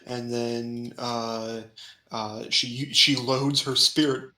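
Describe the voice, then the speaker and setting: A man hosting a casual manga chat who laughs often and acts out scenes with quick put-on voices. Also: medium pitch, little pitch movement, pushed and bright, echoey room, rough recording. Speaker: podcast host.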